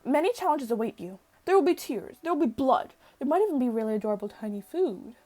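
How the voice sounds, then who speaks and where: A woman's voice: sits high, very animated, quick pace, dark tone. A woman voicing a pompous male dog professor who gives grand speeches and scolds latecomers. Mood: rousing. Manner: rousing speech-giving, stern scolding.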